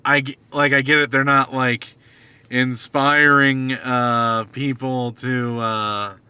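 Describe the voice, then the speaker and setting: Man, slow unhurried delivery, hesitant rambling full of fillers, casual monologue in a car at night. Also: medium pitch, little pitch movement, pushed and bright, clear, resonant tone. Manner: hesitant, many fillers and restarts. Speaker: vlogger.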